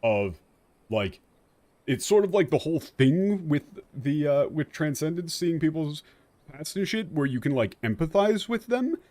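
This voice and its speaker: A man's voice: on the high side, very animated, unhurried, a little mellow. Exasperated, swearing male game streamer. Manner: ranting, exasperated, swears often. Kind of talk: profane commentary on a game translation.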